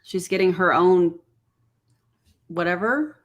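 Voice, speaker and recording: A woman's voice: on the low side, lively intonation, slow, lo-fi sound. A woman hosting a live stream, making skeptical, questioning comments on a podcast clip in casual conversation.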